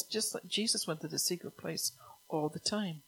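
A woman's voice: lowish voice, normal speed, vocal fry, pushed and bright, slightly rough, rough recording. A woman preaching a sermon. She relays God's words in the first person, reads out Bible verses and drops into casual asides to the congregation.

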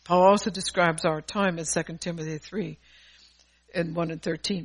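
A woman's voice: fairly low pitch, steady tone, normal speed, slightly rough, poor audio. A middle-aged woman preaching a sermon in a fervent, conversational way, laughing between points.

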